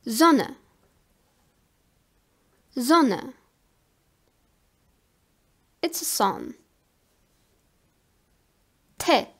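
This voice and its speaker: A woman giving a language lesson, saying each word slowly and carefully, often twice. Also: sits high, expressive, breathy edge. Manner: slow, carefully enunciated word drills. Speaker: language teacher.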